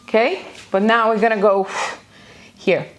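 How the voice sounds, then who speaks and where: A medium-pitched instructor speaks at a measured pace while leading a live home workout near a busy street, with energetic cues, countdowns and moments of breathlessness. The audio is dull, with a little hiss or hum.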